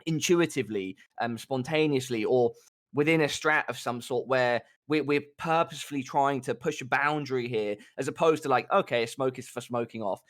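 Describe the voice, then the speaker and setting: A man talking casually about tactics on a live gaming show, swearing and ranting at times. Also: fairly bright tone. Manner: swears a lot, rants with rising pitch. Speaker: guest pro player.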